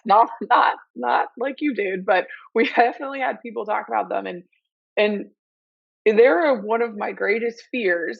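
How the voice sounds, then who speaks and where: A woman co-hosts a podcast in chatty, giggly talk. Her voice has a gravelly fry to it. The sound is dry and dull, like a lo-fi recording. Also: mid-range voice, dry recording. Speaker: podcast co-host. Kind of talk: casual podcast chat.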